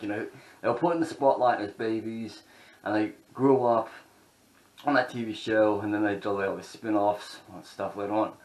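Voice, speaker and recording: A man vlogging in a casual, rambling way, chuckling between thoughts. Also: lowish voice. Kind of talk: casual chat. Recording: roomy echo.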